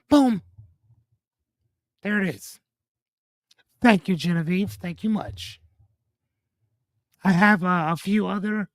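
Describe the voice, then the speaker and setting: A young man's high-pitched voice, recorded dry with studio quality. He hosts a loose, joking livestream, reading out viewers' names and comments, swearing casually and breaking off with "hold on."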